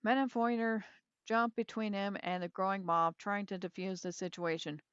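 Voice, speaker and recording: A woman's voice: medium pitch, steady tone, normal speed, a bit bright, clear, resonant tone, no room sound, lo-fi sound. A woman reading a mystery novel aloud, with casual chatty asides to her listeners. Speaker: reader.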